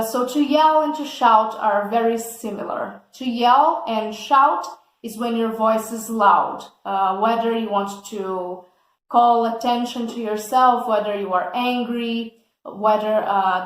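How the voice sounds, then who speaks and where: A woman teaching English vocabulary, explaining words slowly and patiently and often checking in with "okay?". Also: a little high, reverberant, rough recording. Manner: slow and patient, checks understanding with a frequent "okay?".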